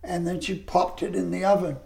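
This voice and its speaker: An older retired lecturer telling stories of his past, animated when he quotes people. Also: sits high, a little fast, vocal fry. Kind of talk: reminiscing storytelling.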